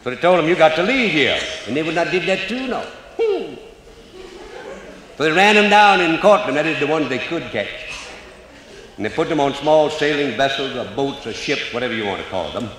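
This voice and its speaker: A man's voice: on the high side, lively intonation, fast talker, a bit bright. An older man with a Cajun accent, telling folksy stories on stage in a drawling dialect with broken grammar. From Louisiana. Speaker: storyteller. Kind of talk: live comedy storytelling. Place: stage before a live audience. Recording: roomy hall, faint audience ambience.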